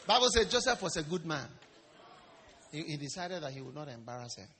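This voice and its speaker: A man preaching a sermon in a lively, storytelling way, acting out quotes and jokes. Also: on the high side, fairly quick. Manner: animated, storytelling with acted quotes and stammering imitations. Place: church service hall. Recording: long reverb of a large hall.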